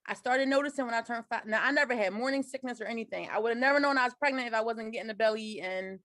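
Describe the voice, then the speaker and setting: Woman in her 40s telling her story over a video call, highish voice, dry sound. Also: rapid-fire, a bit bright, no echo. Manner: earnest, detailed storytelling. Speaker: guest sharing her story. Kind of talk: personal storytelling.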